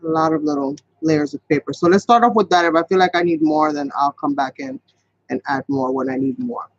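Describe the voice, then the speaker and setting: A man's voice: on the high side, expressive, a little fast, vocal fry, dry recording. A man hosting a casual live craft tutorial, chatting and rambling as he works and talking straight to his viewers. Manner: chatty, rambling, talks to viewers as "you guys". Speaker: craft channel host. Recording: dull, lo-fi, dry sound.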